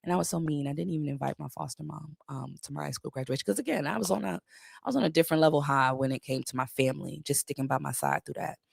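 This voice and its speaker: A woman in her thirties with a lowish voice hosts a casual livestream Q&A. She talks bluntly and candidly, swearing freely and laughing often. The sound is dry and close, with no room around it. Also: fast, creaky, breathy edge, no room sound. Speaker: livestream host.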